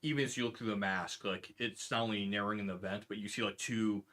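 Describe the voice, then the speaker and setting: A man's voice: fairly low pitch, fairly even intonation, fast, fairly bright tone, a little hiss or hum. A man narrating a tabletop game as game master, playful and teasing with his players.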